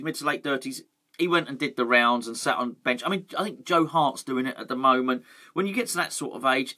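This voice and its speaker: A man chats casually through football gossip for his fan channel. His voice is bright and forward, and he rambles, filling pauses with ums and restarting his sentences. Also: medium pitch. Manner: chatty and rambling, many fillers and restarts. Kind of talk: casual football news chat.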